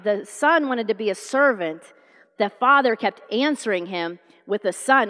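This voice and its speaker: A middle-aged woman preaches a sermon at a moderate pace in a medium-pitched voice, with a long reverb tail. She tells stories in an animated way, acting out the dialogue.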